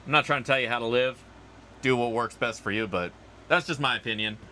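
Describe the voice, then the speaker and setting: A man's voice: mid-range voice, brisk, pushed and bright, slight background noise. A man hosting a casual livestream outdoors, rambling and chatty as he answers viewer comments. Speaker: livestream host.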